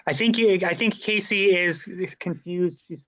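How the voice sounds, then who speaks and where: A young man with a fairly high voice, telling stories animatedly. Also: unhurried, dry recording. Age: young adult. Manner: animated storyteller, acts out voices in anecdotes. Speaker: student co-host. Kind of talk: casual chat.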